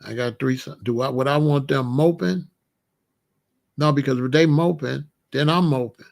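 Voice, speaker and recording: A middle-aged man talking casually and giving life advice, animated and conversational, with frequent restarts. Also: mid-range voice, moderate pace, gravelly. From Chicago area. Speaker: vegan lifestyle host.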